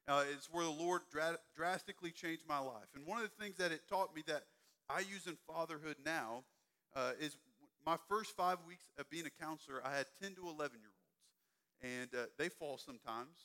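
A young man leads a youth sermon in a high voice, talking to middle schoolers like he is chatting with them. His tone is bright and forceful, and he turns to the students directly again and again. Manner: conversational, speaks directly to students. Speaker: youth pastor.

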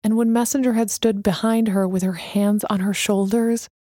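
A woman's medium-pitched voice reads an audiobook steadily and with measure. It's clean studio sound, free of echo.

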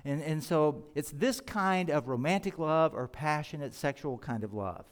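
A man's voice: a little high, expressive, normal speed. Earnest male pastor in a reverberant hall. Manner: earnest, explanatory, emphatic on key words. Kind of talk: sermon. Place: church sanctuary.

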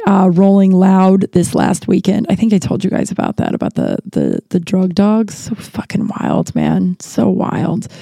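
A woman's voice: medium pitch, gravelly, a little mellow, no room sound. A young woman telling rambling stories in a casual chat, full of fillers and swearing. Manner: chatty, rambling, profane, frequent "like" fillers. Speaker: podcast host. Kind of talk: casual storytelling.

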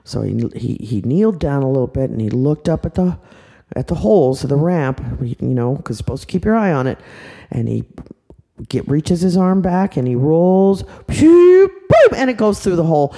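Animated older woman telling a bedtime story. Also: very deep voice, normal speed, creaky, breathy edge. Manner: chatty, animated, with sound effects. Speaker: storyteller grandmother. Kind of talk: improvised bedtime story narration.

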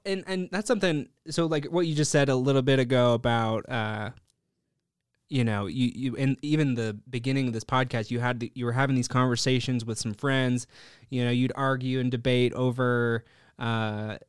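A man hosting a podcast interview, curious and encouraging, with a quick laugh. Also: medium pitch, steady tone, smooth, dry recording, clean studio sound. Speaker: podcast host. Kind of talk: interview chat.

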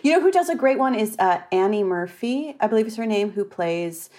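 A woman hosting a podcast in a loose, joking way. She chats casually and swears freely. Her voice sits at a medium pitch. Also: expressive, brisk, a little mellow. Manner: profane, joking, chatty. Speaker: podcast host. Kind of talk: casual chat.

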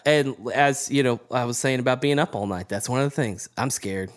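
A man's voice: mid-range voice, fairly quick. A young adult man in casual chat who laughs often while talking. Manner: warm-hearted, laughs often. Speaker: podcast co-host.

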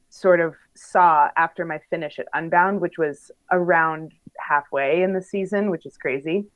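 Young woman bike racer talking casually, low voice, lots of "like" and laughs, kinda muffled audio. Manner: chatty, frequent fillers and laughs. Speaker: pro bike racer guest. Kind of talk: casual interview chat.

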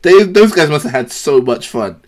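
A young British man co-hosting a comedy chat, talking loosely and playfully. He bounces between deadpan asides and excited bursts, laughing often at his friend's bits. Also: on the high side, normal speed. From Britain. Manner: animated, laughing banter with impressions. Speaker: comedian podcast co-host. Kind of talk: casual chat.

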